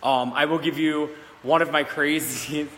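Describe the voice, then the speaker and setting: A man who works as a psychic medium tells a story to camera, rambling, giggling and circling back with lots of ums. His voice is bright and forceful. It rings with a long reverb inside an old country schoolhouse, over faint background noise. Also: fairly high pitch, fairly even intonation, a little slow. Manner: giggly, rambling, many fillers and restarts.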